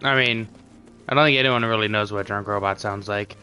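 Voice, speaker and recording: A man's voice: lowish voice, steady tone, a little fast, sharp tone, smooth. A man chatting casually and reading game text aloud during a stream. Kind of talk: casual chat.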